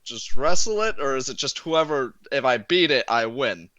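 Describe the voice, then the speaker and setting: Animated man playing a tabletop game. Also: medium pitch, normal speed, no echo. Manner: joking, eager questions. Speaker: player. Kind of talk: casual tabletop game chat.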